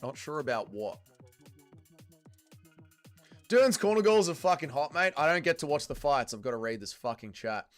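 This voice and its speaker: Lively young male streamer, swearing. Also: on the high side, fairly quick, soft background music. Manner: reads viewer chat aloud and banters, swears freely. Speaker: livestream host. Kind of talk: casual watch-along chat.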